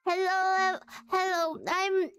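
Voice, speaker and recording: A woman voicing a sweet female sheep character with a halting, sing-song greeting. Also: very high voice, little pitch movement, a bit bright, faint music behind, pitched above the performer's own voice, heavily acted.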